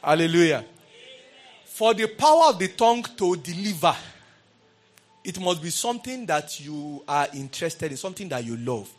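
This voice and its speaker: A middle-aged man preaching a sermon, calling out to his congregation and swinging between quiet asides and raised exclamations. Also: fairly high pitch, animated, normal speed, soft background music. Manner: calls out to the congregation. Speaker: pastor.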